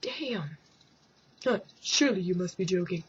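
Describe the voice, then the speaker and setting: Her voice low, slightly rough, animated and a little slow, a woman rants jokingly to her webcam at home, rambling and breaking into mock voices and whispered asides. The recording has the dull lo-fi quality of a webcam microphone.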